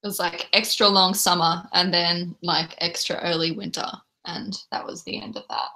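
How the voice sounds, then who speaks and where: A woman's voice: fairly low pitch, flat delivery, normal speed, pushed and bright, slight background noise. A young Australian woman with an Australian accent, chatting casually to viewers as a livestream host from home. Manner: chatty, reads and answers chat. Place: home room.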